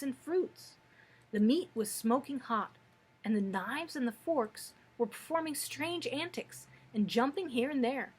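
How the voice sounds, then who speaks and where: Husky-voiced woman reading a storybook aloud. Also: a little high. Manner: steady, expressive storytelling. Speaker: librarian. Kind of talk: children's book read-aloud.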